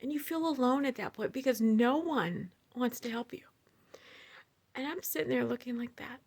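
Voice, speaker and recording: A woman telling a personal story to her viewers in a casual, animated way, with many fillers and asides. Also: fairly high pitch, normal speed, slightly rough. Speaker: storyteller sharing personal experiences.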